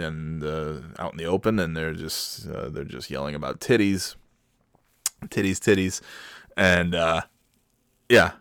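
A man telling a family story in a casual, animated way, with laughs and quick restarts. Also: low voice, clean tone, no room sound, clean studio sound.

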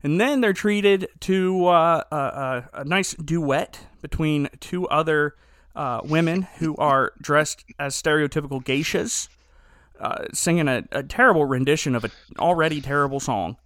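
A man hosting a podcast, telling stories in a casual comedic chat with animated, rambling energy. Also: on the high side, unhurried, dry recording, studio quality. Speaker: podcast host.

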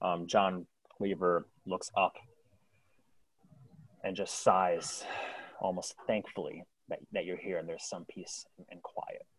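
Man narrating as game master, halting. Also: low voice, level tone, slightly rough. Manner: halting, many restarts and fillers.

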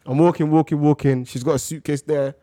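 A man's voice: a little high, fairly even intonation, fairly quick, warm tone, no echo, studio quality. A young man, telling stories in casual chat as a podcast co-host, building rhythm by repeating words.

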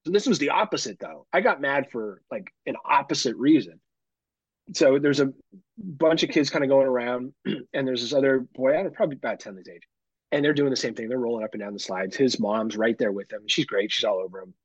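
A man co-hosting a podcast, telling a story in casual chat, animated and full of swearing. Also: medium pitch, a little fast, breathy edge, dry recording. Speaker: podcast co-host. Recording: dull lo-fi sound.

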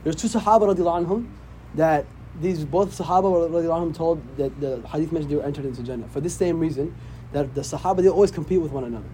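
A man's voice: on the high side, rapid-fire, warm tone, a little hiss or hum. A man, an imam, teaching a casual religious class, often checking in with "right?". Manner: conversational, often asks "right?".

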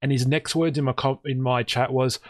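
Animated storytelling man, dry close sound. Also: normal speed, no room sound. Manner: animated storyteller, jumps into high excited voices when quoting himself. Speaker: podcast host and streamer. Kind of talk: casual chat.

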